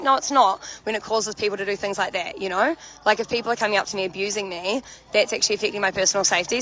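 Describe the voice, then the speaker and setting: A woman's voice: mid-range voice, a bit bright, slight background noise, rough recording. A woman live-streaming casual chat to her viewers from an outdoor protest camp, speaking from a handheld phone. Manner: chatty, talks straight to viewers. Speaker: livestreamer. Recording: outdoor crowd and music behind.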